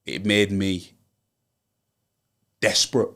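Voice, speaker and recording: A man's voice: low-pitched, fairly even intonation, takes it slowly, gravelly, fairly bright tone. A young man with a Yorkshire accent, a rapper from Hull, talking earnestly and emphatically in a casual interview. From Hull, Yorkshire, England. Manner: earnest, emphatic, builds to rallying advice. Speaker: rapper, guest.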